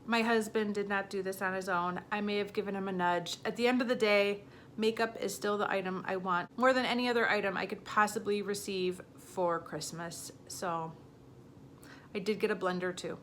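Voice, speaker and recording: A woman's voice: mid-range voice, bright, forceful tone. A woman in her thirties talking casually to the camera as a beauty vlogger, chatty and a little flustered as she counts out her numbers.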